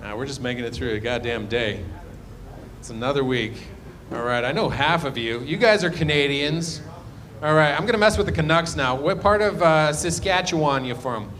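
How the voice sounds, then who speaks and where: A man's voice: fairly high pitch, moderate pace, fairly bright tone. A man doing live stand-up crowd work, rambling and self-deprecating, often trailing off. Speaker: stand-up comedian. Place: live comedy show.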